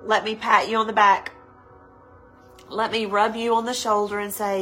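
A woman pastor giving a live devotional sermon, earnest and pleading, repeating her phrases and slowing down to linger on words, teary-eyed. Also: mid-range voice, little pitch movement, pushed and bright, soft background music, low-quality recording.

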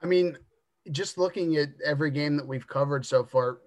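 A man with a slightly raised pitch chats about football on a casual podcast. He rambles and hedges, stumbling over his words as he builds his argument. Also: normal speed. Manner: rambling, hedging with stammered restarts. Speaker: podcast co-host. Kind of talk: casual sports chat.

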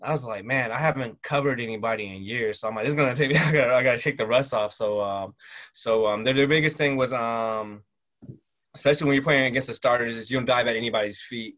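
A man's voice: mid-range voice, fast talker. Middle-aged guy rambling thru old stories, lots of ums and restarts, super laid back. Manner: relaxed, rambling, many fillers and restarts. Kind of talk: casual interview storytelling.

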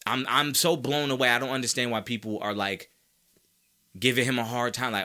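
A man hosting a sports talk podcast, ranting with loud, high-pitched outbursts between stretches of lower, calmer talk. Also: brisk. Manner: animated, swings into high-pitched shouts. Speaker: podcast host. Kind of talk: fired-up sports talk rant.

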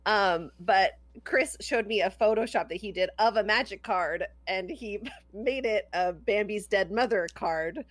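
A woman's voice: mid-range voice, a little slow, few pauses, no echo. A woman co-hosting a podcast in a giggly, chatty way that trails off. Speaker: podcast co-host. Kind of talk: casual chat.

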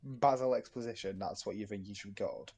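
A man's voice: lowish voice, fast talker, darkish tone, slightly rough. A man in casual chat, arguing back with many hesitations and fillers.

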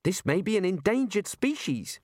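A man's voice: high voice, big pitch swings, normal speed, a little mellow, no room sound, studio quality, voice pushed up. A man voicing a patient, nervous young male wizard scholar who objects carefully.

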